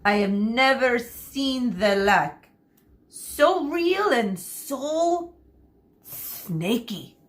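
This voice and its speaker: A woman's voice: a little high, animated, pitched above the performer's own voice. A woman doing a flamboyant male hairstylist. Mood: theatrical. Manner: grand, drawn-out, sing-song.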